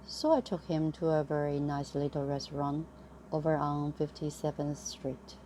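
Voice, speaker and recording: A woman reading a bedtime story aloud to a friend, slow and expressive. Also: deep voice, a little hiss or hum.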